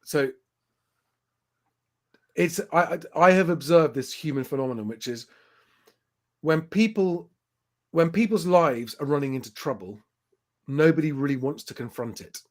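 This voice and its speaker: Male host, slightly higher voice, emphatic rebuttal, casual stream chat. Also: lively intonation, unhurried, long pauses. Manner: emphatic, rebutting viewer comments. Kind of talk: casual live-stream commentary.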